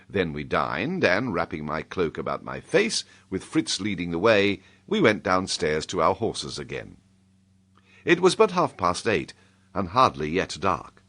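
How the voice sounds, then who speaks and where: A British man narrating an audiobook in the first person. His low voice moves lively across its range, shaping each sentence with expressive storytelling. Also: measured pace. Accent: British English.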